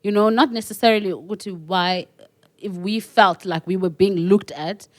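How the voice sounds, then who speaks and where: A South African woman co-hosting a podcast, telling stories in a lively, animated way. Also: mid-range voice, normal speed. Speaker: podcast co-host. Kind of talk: casual chat.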